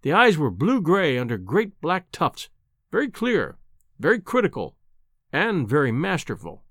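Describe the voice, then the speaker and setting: Expressive male audiobook narrator. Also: fairly high pitch, a little slow, dry recording, clean studio sound. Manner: expressive, descriptive storytelling. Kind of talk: scripted narration.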